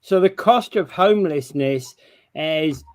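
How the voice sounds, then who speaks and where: A man co-hosting a local talk show in casual chat, with an agreeable manner, quick to chime in with affirmations. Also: fairly high pitch, no room sound.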